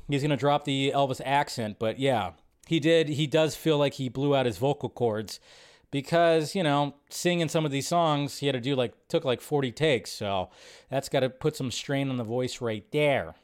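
A man's voice: mid-range voice, normal speed, clear, resonant tone. A man hosting a casual live movie news show, chatty and rambling, thinking aloud with fillers as he scrolls at his computer. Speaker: host. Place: home setup at a computer.

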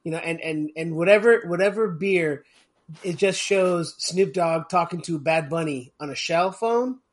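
High-pitched male co-host, casual rambling banter. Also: a little slow. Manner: joking, rambling, laughs often. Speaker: podcast co-host. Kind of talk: casual chat.

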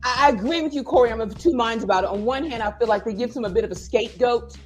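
A woman's voice: on the high side, fast, faint music behind. Chatty woman podcast host. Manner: rambling, hesitant, with restarts. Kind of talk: casual chat.

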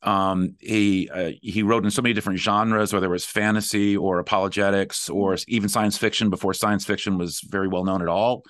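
A middle-aged man hosting a podcast, talking in a relaxed way with fillers and restarts. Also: fairly low pitch, fairly quick, hardly any pauses, no echo, studio quality. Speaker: podcast host. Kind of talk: conversational podcast talk.

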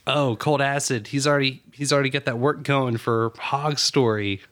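A man's voice: medium pitch, fairly even intonation, normal speed, fairly bright tone. Easygoing man co-host. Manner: easygoing, chuckling, runs the sound clips. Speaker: podcast co-host. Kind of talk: casual chat, reading news aloud.

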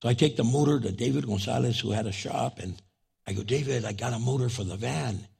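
Speaking a little fast with husky vocal fry, the middle-aged Chicano pastor from New Mexico brings a sermon story to life. He plays out each line of dialogue, jumping sharply up and down in pitch.

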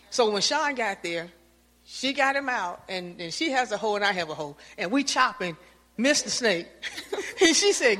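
A woman tells an anecdotal church testimony with lively storytelling, acting out her own lines and those of others. Her voice carries the long reverb of the sanctuary. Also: mid-range voice, normal speed. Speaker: church member giving testimony.

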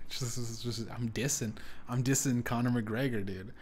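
A young man rants alone into his podcast mic, swearing freely and wandering from thought to thought. His voice sits in an ordinary middle pitch, then shoots up loud when he gets worked up. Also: brisk. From Canada. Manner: profane, rambling, with sudden loud jumps. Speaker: podcast host. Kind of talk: solo podcast rant.

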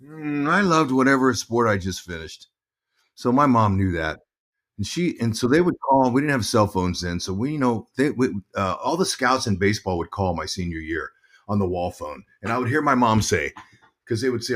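A man's voice: fairly low pitch, normal speed. A middle-aged man, a guest on an interview podcast, telling stories and acting out quotes in a raised voice. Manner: animated, acts out quotes in a raised voice. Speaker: guest, former baseball player and broadcaster.

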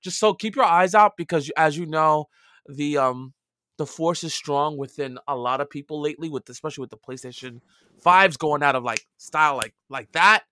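A man with a Brooklyn accent chats about games as a podcast co-host, loose and talkative, tripping over his words. His voice sits a little high and sounds forceful and bright, and the recording is dry and close. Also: moderate pace, no room sound. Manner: chatty and loose, with mild swearing and many restarts. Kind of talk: casual gaming chat.

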